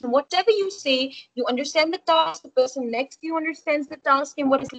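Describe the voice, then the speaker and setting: A woman's voice: high-pitched, brisk, rough recording. A woman tutoring an online speaking-exam class, explaining at length and often checking understanding with "right?". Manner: explanatory, repeats key points, frequent "right?" checks. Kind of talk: live online lesson.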